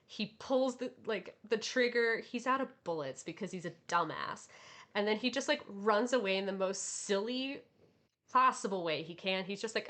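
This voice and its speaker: A woman co-hosting a casual podcast, talking in a rambling, animated way with many fillers. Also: mid-range voice, moderate pace. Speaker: podcast co-host. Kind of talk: casual anime chat.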